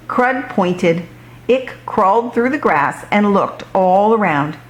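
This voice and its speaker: A woman reads a children's picture book aloud in a slow, deliberate way. Her storytelling is expressive, and her pitch sits in a middle range.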